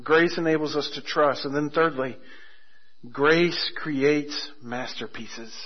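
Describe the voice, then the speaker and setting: A man preaching a sermon as a pastor, telling stories with humor and slowing down hard on key phrases. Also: on the high side, fairly even intonation. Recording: muffled lo-fi sermon recording.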